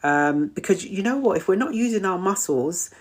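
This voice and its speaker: A woman's voice: medium pitch, expressive, moderate pace. A middle-aged woman hosting a live stream, chatting casually, repeating her points and reading out viewer comments. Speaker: host of a wellness live stream.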